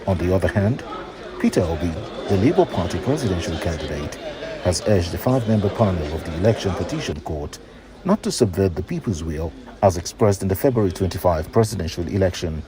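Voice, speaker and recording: A man reading a formal news report on a court case in a measured way. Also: low voice, animated, a crowd in the background. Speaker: news reader.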